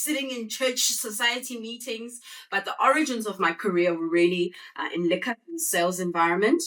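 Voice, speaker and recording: A South African woman talks to a live audience in a loose, chatty presentation, pulling the room in with quick back-and-forth questions. Her voice is bright and forward, caught from a step back from the microphone. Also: mid-range voice, far from the mic. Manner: chatty, uses call-and-response with the audience. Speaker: guest speaker. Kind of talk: conversational presentation.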